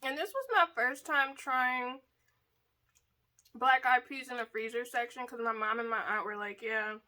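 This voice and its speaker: A woman's voice: on the high side, moderate pace, bright, forceful tone. A woman hosting a casual eat-with-me video, chatty and playful, laughing often as she talks. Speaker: mukbang vlogger.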